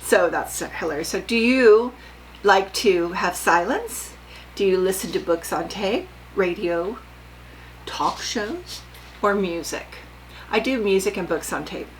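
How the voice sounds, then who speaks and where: A woman's voice: medium pitch, animated, a little slow, slight background noise, low-quality recording. Older woman chatting about her sewing. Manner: chatty, rambling, asks viewers questions. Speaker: sewing vlogger. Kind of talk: casual chatty vlog.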